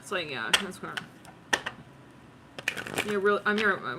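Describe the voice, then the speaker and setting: A woman's voice: fairly low pitch, lively intonation, fairly quick, long pauses, very noisy. A woman doing a tarot reading in a slangy, giggly way, acting out what she senses with lots of "it's like". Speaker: tarot reader.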